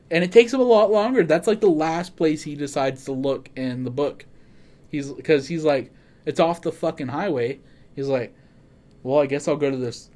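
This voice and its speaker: A man hosting a casual horror podcast. He talks in an excitable way, swears freely and often corrects himself mid-sentence. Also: a little high. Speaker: podcast host.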